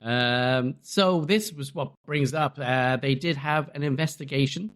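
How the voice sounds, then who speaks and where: A man's voice: mid-range voice, measured pace, a bit bright. A man in his thirties co-hosting a gaming podcast, talking casually and hesitantly, with frequent fillers as he reports news. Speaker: podcast co-host. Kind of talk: casual chat.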